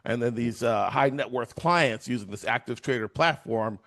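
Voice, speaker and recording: Middle-aged male guest, chatty storyteller, animated, loose and filler-heavy. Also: medium pitch, moderate pace. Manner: animated, acts out voices, many fillers. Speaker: guest, trading educator. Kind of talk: storytelling in an interview.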